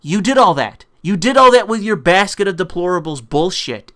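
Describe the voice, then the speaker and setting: A political commentator with a high, bright, forceful voice delivers an angry, profane rant at a moderate pace. He's expressive, combative and sarcastic, putting on mocking voices to quote his opponents.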